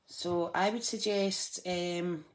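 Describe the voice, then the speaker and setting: A Scottish woman with a fairly low pitch speaks slowly and in a steady tone as she demonstrates a craft project for live viewers. She stays chatty throughout, talking to her audience as she works and making self-deprecating jokes.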